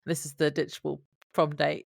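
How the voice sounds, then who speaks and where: A woman's voice: deep voice, level tone, moderate pace, creaky, dry recording, studio quality. A woman co-hosting a podcast who laughs often and reads from her notes in casual chat. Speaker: podcast co-host.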